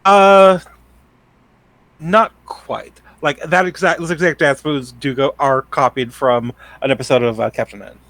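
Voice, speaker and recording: A man's voice: fairly high pitch, steady tone, unhurried, fairly bright tone, no room sound. A man co-hosting a podcast, chatting casually and adding trivia asides about a cartoon. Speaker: podcast co-host. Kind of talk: casual recap chat.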